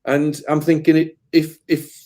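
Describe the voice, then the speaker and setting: A man's voice: a little high, completely flat delivery, unhurried, mellow. A man, a medium giving an earnest, emotional interview, often repeating words as he rambles. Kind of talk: casual spiritual interview talk.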